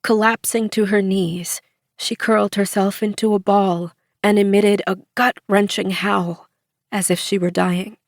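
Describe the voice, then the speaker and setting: Woman, audiobook narrator, slow and measured, dry close sound. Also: medium pitch, fairly even intonation, no room sound.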